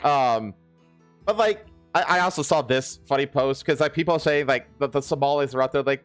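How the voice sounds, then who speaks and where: A male podcast host of middle pitch, chatting casually and stumbling through restarts and fillers. Faint music plays underneath. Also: no room sound. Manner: halting, heavy with fillers and restarts. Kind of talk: casual political chat.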